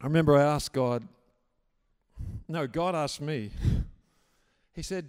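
A man preaching a sermon in a church hall, swinging from hushed prayer to emphatic shouting. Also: fairly high pitch, slow, pauses often, clean tone. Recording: echoey hall reverb.

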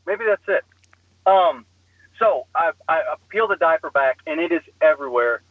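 A man telling a story in casual podcast chat, animated and self-deprecating, often laughing at himself, heard over a phone call. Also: on the high side, normal speed, dry recording. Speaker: guest storyteller. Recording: slightly muffled phone line.

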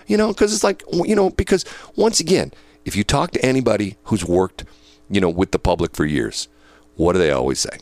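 A man hosting a casual chat, telling a story in an animated way with many fillers. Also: fairly low pitch, fairly quick, dry recording.

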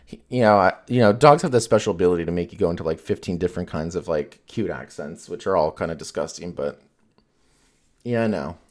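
Low-voiced man rambling casually. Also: expressive, a little fast, a little mellow. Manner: rambling, profane, filler-heavy. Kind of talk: casual chat.

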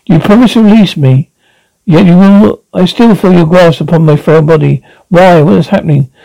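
A man voicing a frail, ancient abbot who speaks in halting, broken phrases. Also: high voice, vocal fry, mellow, no room sound, rough recording. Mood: pleading. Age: older. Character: frail ancient male abbot, weary and urgent.

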